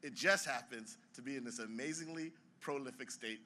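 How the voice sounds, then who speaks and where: A man's voice: mid-range voice, normal speed, bright, forceful tone, a little hiss or hum. A man, head of a science museum, giving a formal ceremonial speech in a dramatic, emphatic storytelling manner.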